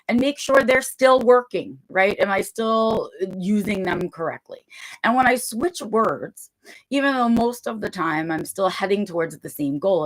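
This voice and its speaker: A woman hosting a casual livestream from home, talking in a chatty, rambling way and often checking in with her listeners. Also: lowish voice. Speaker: livestream host.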